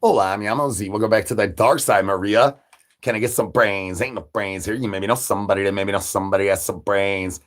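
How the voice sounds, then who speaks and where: A man with a lowish voice talks a little fast while livestreaming, rambling through crude jokes. He addresses his chat directly in a repetitive, joking way, the kind of loose banter typical of a stream.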